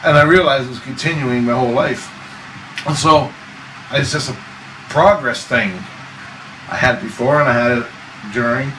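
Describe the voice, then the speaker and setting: A man's voice: medium pitch, fairly even intonation, moderate pace, long pauses, fairly bright tone. A man telling a wild personal story in a casual interview, swearing, laughing often and acting out voices. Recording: echoey room, far from mic, noisy.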